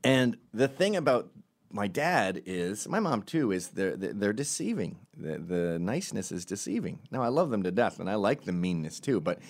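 A man from Canada telling stand-up stories in a wry, profane, animated way. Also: on the low side, moderate pace. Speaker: stand-up comedian. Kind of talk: stand-up storytelling.

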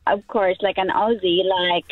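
A woman's voice: medium pitch, steady tone, measured pace, no echo. A woman from the Philippines, calling in to a radio show, a little hesitant with many fillers. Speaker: radio caller. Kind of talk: casual phone chat. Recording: tinny phone line.

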